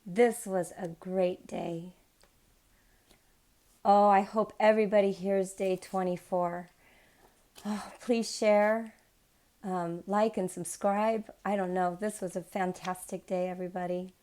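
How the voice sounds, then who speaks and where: A woman reading scripture aloud in a measured, unhurried way, then chatting with her listeners, her voice worn from illness. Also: medium pitch. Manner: unhurried, measured reading; chatty and excited when speaking off the text. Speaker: Bible reading channel host.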